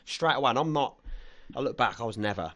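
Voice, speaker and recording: A man's voice: medium pitch, lively intonation, quick pace, a bit bright. A man hosting a podcast, talking earnestly and reflectively in casual chat. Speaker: podcast host.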